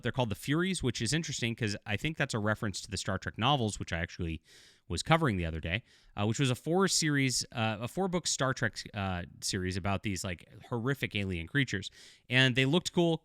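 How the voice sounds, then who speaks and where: A man's voice: lowish voice, a bit bright, smooth, no room sound, clean studio sound. A middle-aged man giving casual video commentary as a TV show reviewer, blunt and critical, rambling with fillers.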